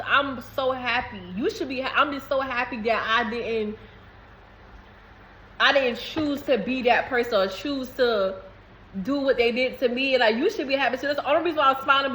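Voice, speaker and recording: A woman's voice: sits high, sharp tone, poor audio. A woman vlogging to camera in a casual, rambling way, repeating herself and laughing between phrases. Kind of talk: casual spiritual talk to camera.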